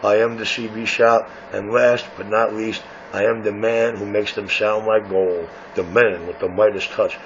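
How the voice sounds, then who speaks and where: This radio-shop owner's voice is lowish with little pitch movement, at normal speed and with hardly any pauses. In CB radio banter that comes through muffled with faint hiss, he boasts and taunts rivals in a brash, self-important way.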